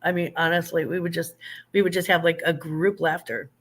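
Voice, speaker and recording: A woman's voice: fairly low pitch, steady tone, fairly quick. An older woman, a grandmother, hosting a casual live chat. She greets her viewers, laughs easily and stumbles over names. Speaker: livestream host.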